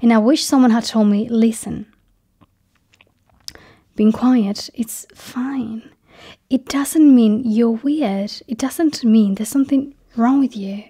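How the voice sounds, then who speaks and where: A vlogger with a fairly high-pitched voice addresses her viewers in a personal monologue. She speaks softly, often dropping into a breathy half-whisper, and stresses key words slowly and deliberately.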